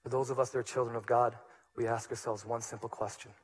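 A man preaching a sermon as pastor, moving between hushed, low passages and loud, emphatic ones. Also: level tone, quick pace, husky.

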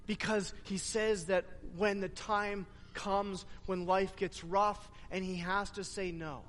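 A man delivers a sermon in a high, light voice. He retells scripture in an animated way and challenges the congregation with pressing questions. His voice rings out with a long reverb through a large hall. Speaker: pastor.

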